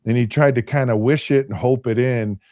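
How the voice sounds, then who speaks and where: Mellow-voiced man telling rambling stories. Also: mid-range voice, steady tone, brisk, no echo, studio quality. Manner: rambling, with frequent restarts and repeated words. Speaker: podcast host and former NFL quarterback. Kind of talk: casual anecdotal storytelling.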